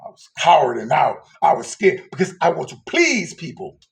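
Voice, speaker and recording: Male preacher, gravelly and high-pitched, lurching from shouts to whispers. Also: wildly swooping pitch, normal speed, few pauses. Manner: swings from shouting to hushed whispers. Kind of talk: emotional street sermon.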